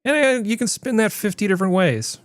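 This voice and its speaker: A man's voice: sits high, lively intonation, fairly quick, dry recording, clean studio sound. A man hosting a casual panel chat over a video call, rambling with wry asides. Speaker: host.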